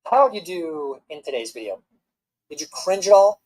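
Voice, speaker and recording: A man's voice: on the high side, big pitch swings, moderate pace, darkish tone, low-quality recording. A man hosting a reaction video with sarcastic, mocking commentary. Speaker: host.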